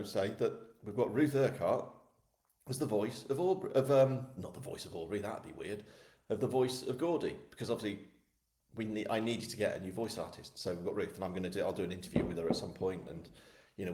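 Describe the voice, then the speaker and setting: A man's voice: sits low, mellow. A man from England hosting a live book launch, chatting casually with viewers in a rambling, self-deprecating way. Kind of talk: casual live-stream chat. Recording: echoey room.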